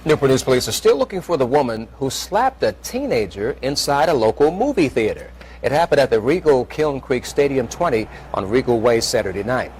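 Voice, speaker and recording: A man delivers a local news item in a measured broadcast style, with a lively, rising and falling pitch. Faint background noise sits behind him. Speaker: news reporter. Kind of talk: TV news report.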